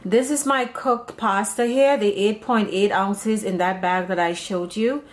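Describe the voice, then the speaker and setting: A woman's voice: medium pitch, steady tone, unhurried. Chatty woman demonstrating a home recipe. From Serbian background. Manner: chatty, meandering, with frequent restarts. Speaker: home cooking channel host. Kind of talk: casual cooking demonstration. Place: home kitchen.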